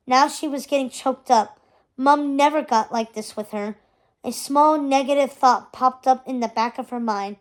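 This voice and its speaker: A woman reading a chapter book aloud, with gentle, expressive narration. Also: fairly high pitch, moderate pace. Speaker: reader. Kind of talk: storybook read-aloud.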